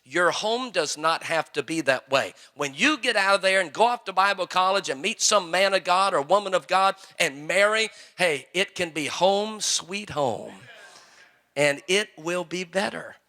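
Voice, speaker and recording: A man's voice: sits high, animated, measured pace, sharp tone. A male pastor preaching a sermon to young people, folksy and full of joking stories.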